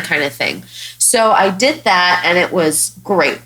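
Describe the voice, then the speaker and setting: Young chicago woman, comic, swears a lot, kinda low voice, just chatting. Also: a little slow, rough recording. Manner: blunt, profane, animated storyteller. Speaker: podcast host and stand-up comic. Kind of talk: casual storytelling chat.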